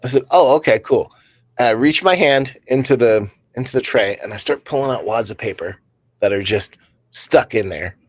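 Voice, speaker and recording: A man's voice: mid-range voice, moderate pace, dry recording. A man co-hosting a comedy podcast, telling rambling workplace stories and laughing at his own jokes. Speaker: podcast co-host. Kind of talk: casual comedic storytelling.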